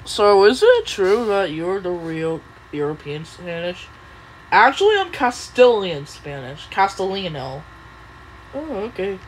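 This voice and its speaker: A woman's voice: medium pitch, very animated, unhurried, slight background noise, poor audio. A young woman voicing many cartoon characters in a playful, silly way. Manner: playful, silly voices, giggly.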